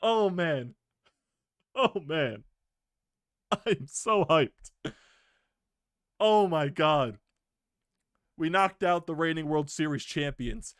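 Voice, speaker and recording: A young man hosting a sports video, giving an excited fan reaction rant, swearing freely and laughing. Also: fairly high pitch, takes it slowly, long pauses, clean tone, no room sound, clean studio sound.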